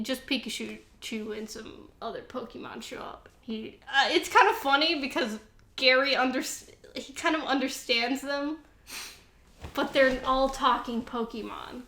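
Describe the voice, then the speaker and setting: Woman podcast co-host, bright voice, fairly high, profane storytelling, echoey room. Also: moderate pace. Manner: laughing, profane, animated storytelling. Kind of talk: casual comedic retelling.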